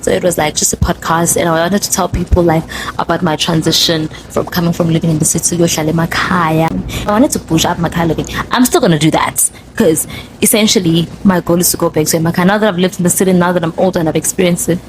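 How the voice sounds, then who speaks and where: A young woman with a South African Zulu accent, hosting a podcast and telling her story in a casual, animated monologue. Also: on the low side, fast talker, noisy background. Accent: South African, Zulu-speaking. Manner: chatty, code-switching, animated storyteller. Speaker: podcast host.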